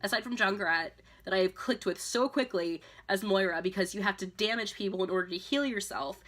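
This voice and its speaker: A slightly tipsy woman chatting casually, rambling with lots of "like" and "um" and breaking into loud excited squeals. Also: mid-range voice, a little fast, soft background music. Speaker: vlogger. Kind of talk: casual tipsy chat about a video game.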